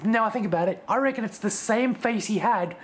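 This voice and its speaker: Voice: mid-range voice, brisk, slight background noise. A video reviewer giving a scripted scene-by-scene analysis of an episode, sometimes restarting a sentence. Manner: analytical, breaks down scenes one by one.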